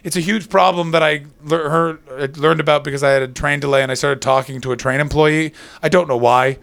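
Canadian guy doing standup at a club, gravelly edge, sarcastic and chatty with the crowd. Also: on the high side, steady tone, fairly quick, fairly bright tone. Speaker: stand-up comedian. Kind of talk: stand-up comedy set. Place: comedy club before a live audience.

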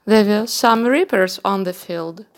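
A woman narrating a children's storybook chapter in a measured, even reading voice. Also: mid-range voice.

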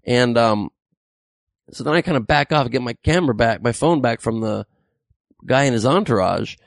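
Man, gravelly voice, casual comic storytelling, animated, dry close sound. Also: medium pitch, moderate pace, no echo. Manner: animated, acts out quoted voices. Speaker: comedian telling a story.

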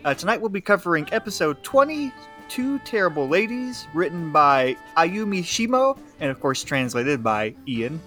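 A man's voice: a little high, normal speed, faint music behind. Laid-back male podcast host. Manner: relaxed, laughing, filler-heavy. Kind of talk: casual podcast chat.

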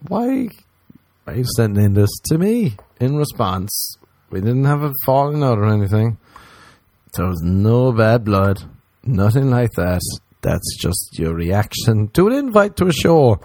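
An Irish man doing stand-up comedy, rambling through profane stories and mocking people in put-on high voices. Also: big pitch swings, moderate pace, darkish tone, no room sound. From Ireland.

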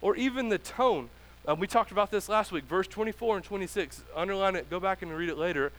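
A man in his thirties preaching a conversational sermon as pastor, casual and animated, acting out little dialogues. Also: high-pitched, fast.

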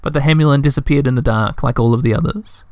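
A man reading a children's storybook aloud in a gentle, measured way. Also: mid-range voice, no room sound, studio quality. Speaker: narrator.

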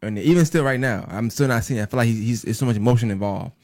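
A man's voice: mid-range voice, a little mellow, no echo, studio quality. A man from New York co-hosting a casual podcast. He talks in a playful way and often repeats words as he starts a thought. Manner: fast, playful, stammering repeats. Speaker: podcast co-host. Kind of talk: casual chat.

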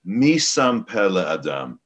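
A man's voice: low-pitched, big pitch swings, slow pace. A man in a group study discussing a scripture passage, earnest and emphatic.

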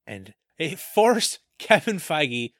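A man's voice: fairly high pitch, big pitch swings, takes it slowly, no echo, studio quality. A man co-hosting a podcast, trading wry, agreeable quips about movies in a casual chat. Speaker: podcast co-host.

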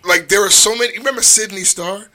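A man with a fairly high, bright voice joking through casual podcast banter. He talks in an animated way, laughs often and slips into mock voices. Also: quick pace. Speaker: podcast co-host.

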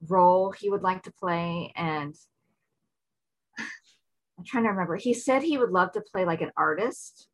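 A woman's voice: fairly low pitch, measured pace, pauses often, rough recording. A woman in casual interview chat, telling an eager, rambling fan story with many restarts. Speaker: fan recounting meeting an actor.

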